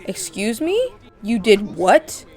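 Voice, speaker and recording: A woman voicing an older male record label boss, a stern but fatherly man who speaks lower. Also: fairly quick, a little mellow, soft background music, lightly acted.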